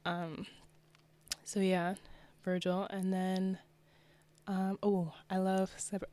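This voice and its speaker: A woman's voice: medium pitch, level tone, takes it slowly, mellow. A young woman from New Jersey, a fashion designer, talking as a guest in a casual interview, chatty and upbeat with lots of "like" and "you know".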